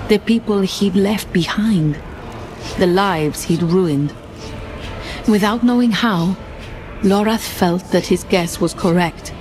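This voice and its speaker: A woman reading a dark fantasy story in measured, dramatic scripted narration. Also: fairly low pitch. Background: faint music.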